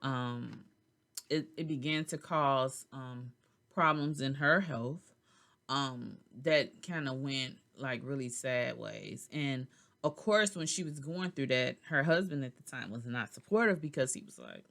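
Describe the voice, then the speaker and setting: A woman's voice: rumbling low, a little slow, vocal fry, fairly bright tone. A tired, yawning middle-aged woman hosting a podcast, telling a story in a loose, chatty way and talking straight to her listeners. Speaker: podcast host. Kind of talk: casual storytelling monologue.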